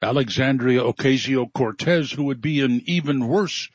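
A man's voice: medium pitch, moderate pace, breathy edge, dry recording. A man delivering scripted, sarcastic radio commentary. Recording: dull radio audio with faint music.

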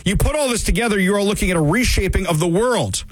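A man's voice: high-pitched, lively intonation, fast talker, dry recording. A man hosting a political commentary show, delivering an emphatic opinion monologue full of rhetorical questions. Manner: emphatic, rhetorical questions, mocking quoted voices.

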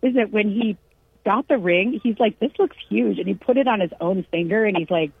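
Husky woman telling stories over a tinny line. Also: mid-range voice, fairly quick, no echo. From California. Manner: animated anecdote-telling, acts out quotes. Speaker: storyteller. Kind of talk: casual chat. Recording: tinny phone-line sound.

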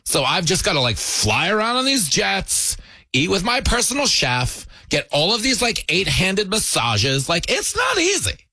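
A man's voice: high-pitched, huge pitch swings, measured pace, pushed and bright, breathy edge, no echo, pitched above the performer's own voice, exaggerated voice. A man mocking a pampered young woman who complains about her easy life, in a put-on whiny voice. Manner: spoiled, complaining.

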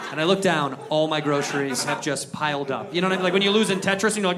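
Stand-up comic, man, high-pitched, lively storyteller; live show with crowd noise. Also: rapid-fire, few pauses. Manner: animated storytelling, acts out characters. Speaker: stand-up comedian. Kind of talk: stand-up comedy set. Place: live comedy venue with audience. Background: audience laughter.

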